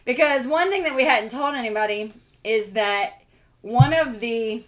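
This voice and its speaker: A woman co-hosting a homestead chat show, telling a story in a lively way, laughing often and acting out the voices she quotes. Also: on the high side, measured pace. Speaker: co-host of homestead Q and A.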